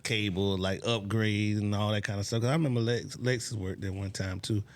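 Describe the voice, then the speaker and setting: A man hosting a relaxed interview, asking questions and adding short replies. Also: fairly low pitch, fairly quick. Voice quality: relaxed, many short backchannels. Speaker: podcast host. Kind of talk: casual interview chat.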